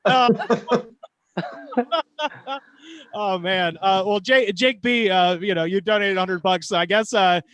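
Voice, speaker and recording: Halting man hosting a comedy stream. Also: high-pitched, a bit bright, no echo. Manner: halting, lots of filler. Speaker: show host. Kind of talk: casual hosting between acts.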